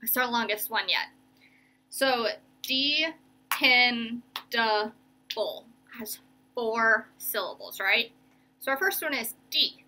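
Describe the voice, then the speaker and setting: A young woman teacher giving a remote reading lesson to children, slowly stretching out each word as she sounds it. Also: a little high, bright, forceful tone. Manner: slow, stretched-out sounding of words.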